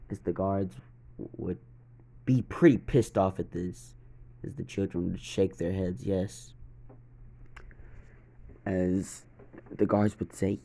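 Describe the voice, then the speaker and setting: A man telling a fan fiction story in a very deep, gravelly voice. He narrates slowly and steadily, in a dark, monotone delivery.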